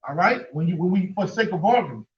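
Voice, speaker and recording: A man's voice: high voice, lively intonation, fast. A man in a casual group talk who rambles, restarts his sentences and swears bluntly. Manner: rambling, restarts often, profane. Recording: far, echoey, dull room mic with faint noise.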